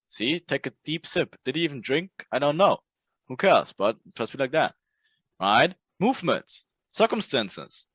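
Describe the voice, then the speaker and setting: A man's voice: mid-range voice, a bit bright, dry recording. A man teaching a trading course in a casual lecture. He talks bluntly, swears freely, and keeps checking in with "right?".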